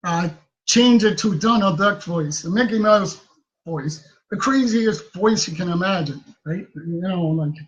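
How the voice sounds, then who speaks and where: A man with a high voice gives casual self-help advice straight to the camera. He talks in a chatty way and keeps checking in with a questioning "right?". The recording sounds dull and lo-fi. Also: measured pace. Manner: chatty, ends many sentences with a questioning "right?". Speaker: self-help video host.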